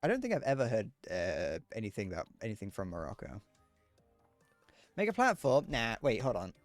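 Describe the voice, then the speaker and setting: A man talks his way through a live gaming stream, rambling and cracking jokes as he answers chat. His pitch swings up and down a lot, and the voice sounds dry and close, with game music playing faintly underneath. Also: huge pitch swings, fairly quick, no echo.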